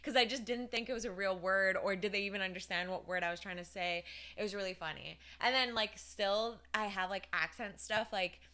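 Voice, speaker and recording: A woman co-hosting a casual podcast, telling stories in an animated way and laughing at herself. She speaks with an Indian-tinged English accent. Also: medium pitch, fairly quick. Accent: Indian English with a mixed British edge. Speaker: podcast co-host. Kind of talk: casual chat, storytelling.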